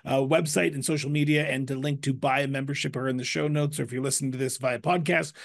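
A man hosting a podcast interview has a gravelly voice with a dry, close sound. He talks conversationally at a middle pitch, with a slightly halting delivery that stops to find words. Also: fairly even intonation, dry recording. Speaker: podcast host.

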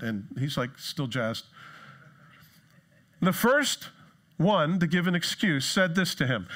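A man preaching a sermon in a casual, joking way, acting out quoted excuses in higher, put-on voices. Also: expressive, unhurried, a bit bright. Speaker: pastor. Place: church.

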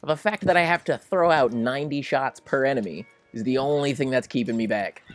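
A young man giving casual, excitable let's-play commentary, melodramatic and quick to plead or laugh. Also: medium pitch, faint music behind. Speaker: gaming commentator.

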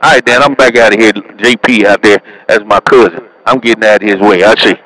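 A man's voice: on the low side, a little fast, sharp tone, dry recording, low-quality recording. A man driving a truck, trading teasing, slangy banter and radio handles over the CB. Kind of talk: CB radio chatter.

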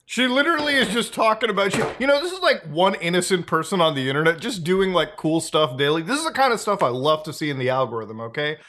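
A man's voice: sits high, expressive, fast, hardly any pauses, a bit bright. A man hosting a casual commentary, sarcastic and often breaking into laughter. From North America. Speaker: commentary host.

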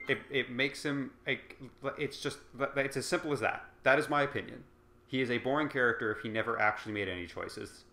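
A man's voice: mid-range voice, a little fast, bright, forceful tone, roomy sound. A man giving casual game commentary, rambling and sarcastic, working himself up into impassioned opinions. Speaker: let's play commentator.

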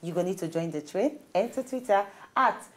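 A woman's voice: medium pitch, normal speed. A woman with a Nigerian accent hosting a studio talk show, chatting casually in pidgin and reading out stories. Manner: animated, laughs often, reads out stories.

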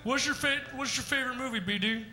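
A man's voice: extremely high pitch, fast talker, bright, forceful tone, soft background music. A man doing live character comedy on a club stage, rambling and blustery like a brash dad working the crowd. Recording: echoey live club room.

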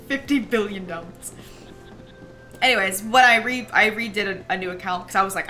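A young woman livestreaming, chatting casually while she plays a game, rambling and animated with lots of "like" and quick bursts of laughter. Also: medium pitch. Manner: chatty and rambling, heavy use of "like"; animated storyteller who breaks into laughter. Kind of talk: casual chat while gaming.

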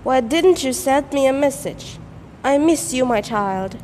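A woman's voice: high-pitched, expressive, measured pace, darkish tone. A young woman voicing a frail, grieving old mother who pleads with her son, in a storytelling performance. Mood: overjoyed. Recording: echoey hall, faint noise.

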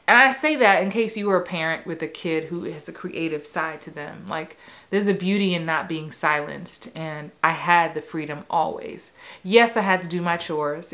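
A woman in her forties from New York, an acting coach, telling personal stories in a lively way, laughing and acting out voices from her memories. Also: medium pitch. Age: 40s. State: a little emotional. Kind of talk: personal storytelling vlog.

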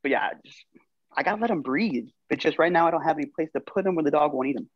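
A man's voice: a little high, expressive, racing. Easygoing male podcast guest, dull lo-fi sound. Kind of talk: casual chat on a video podcast.

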